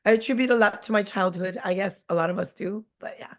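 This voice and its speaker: A woman's voice: medium pitch, quick pace. A woman in her forties, a teacher, telling stories from her classroom in a candid, blunt and jokey way. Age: 40s. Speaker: teacher, guest. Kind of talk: candid conversational storytelling.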